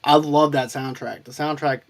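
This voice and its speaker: A man's voice: on the high side, steady tone, moderate pace. Easygoing man sharing movie opinions. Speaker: podcast co-host. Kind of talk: casual movie chat.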